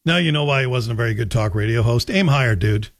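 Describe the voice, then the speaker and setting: A man's voice: medium pitch, animated, fast talker. Sarcastic talk radio host, man. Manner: sarcastic, joking.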